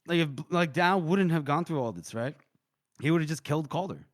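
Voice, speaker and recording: A man's voice: on the high side, normal speed, dry recording, studio quality. A man co-hosting a podcast, recapping a book chapter in casual chat with lots of fillers. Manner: animated retelling, many fillers. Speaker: podcast co-host.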